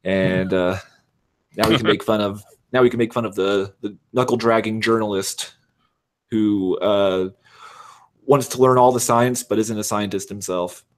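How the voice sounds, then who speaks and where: Unhurried and self-deprecating, a man guesting on a podcast rambles through casual conversation with plenty of fillers. His voice is lowish, with fairly even intonation.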